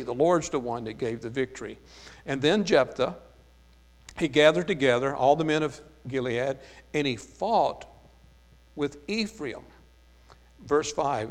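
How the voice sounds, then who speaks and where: A man with a light Southern US accent teaching a Bible study sermon. He reads verses aloud and then explains them, with frequent "uh, there" fillers. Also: mid-range voice. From American South. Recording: long reverb of a hall.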